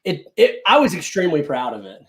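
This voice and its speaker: A man chatting as a guest, telling a story in an animated, excitable way. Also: on the high side, brisk. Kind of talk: casual chat.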